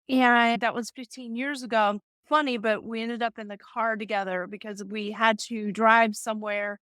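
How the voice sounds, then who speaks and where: A middle-aged woman, a self-help coach, giving calm advice and telling a personal story with small restarts. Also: mid-range voice, no room sound.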